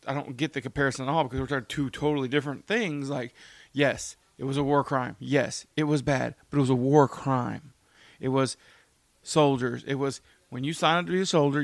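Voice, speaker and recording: A man's voice: medium pitch, vocal fry, no room sound. A man giving a heated, rambling opinion rant, full of fillers and restarts.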